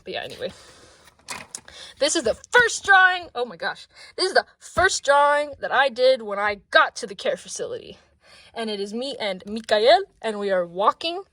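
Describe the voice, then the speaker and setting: A woman in her twenties, out of breath, chatting casually at her desk in a rambling, excitable way that often drops to soft mumbles. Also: fairly high pitch, a little fast, no room sound. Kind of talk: casual sketchbook tour vlog.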